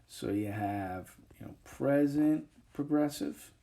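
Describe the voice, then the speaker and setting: A male teacher giving a recorded grammar lesson over a whiteboard, talking in a relaxed way with many fillers and frequent checks of "okay". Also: medium pitch, slow, gravelly. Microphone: tablet microphone, voice-over.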